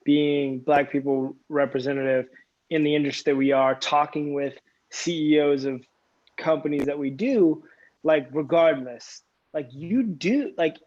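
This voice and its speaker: A man co-hosting a casual workplace discussion, talking in halting bursts with many restarts. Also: on the high side, darkish tone, lo-fi sound. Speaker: podcast co-host.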